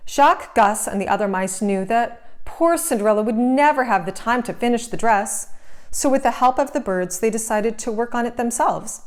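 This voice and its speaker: A woman narrating a children's storybook aloud, clear, gentle and expressive. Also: fairly high pitch, normal speed.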